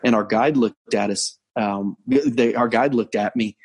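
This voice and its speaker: A man, a pastor, telling a story in a conversational sermon, earnest, slowing down to stress key points. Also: on the low side, a little mellow, husky. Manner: earnest storytelling, frequent restarts and slowed emphasis. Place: on location abroad.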